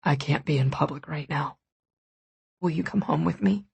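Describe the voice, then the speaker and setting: Lady doing a low gravelly hushed rich guy, tense and urgent, audiobook. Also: normal speed, no room sound, exaggerated voice. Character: anxious intense wealthy young man. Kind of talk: audiobook dialogue.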